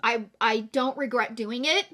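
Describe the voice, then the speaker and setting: A woman's voice: on the high side, unhurried, fairly bright tone. A middle-aged woman chatting heartfelt with her viewers while doing her makeup, tearful after a morning of crying. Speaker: beauty vlogger. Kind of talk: casual get-ready-with-me chat.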